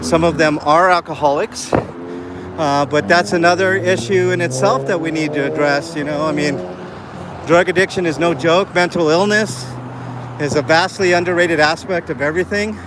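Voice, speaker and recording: A man's voice: on the high side, steady tone, moderate pace. Earnest man streaming on a city walk. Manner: earnest rambling talk to chat, many fillers. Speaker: live streamer. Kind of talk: walking live stream vlog. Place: city street outdoors. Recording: faint street noise outdoors. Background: street and traffic sounds.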